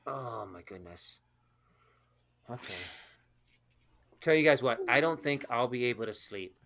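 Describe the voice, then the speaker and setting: A man speaking in character as a player in a tabletop game, halting and restarting his sentences. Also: mid-range voice, lively intonation, fairly bright tone.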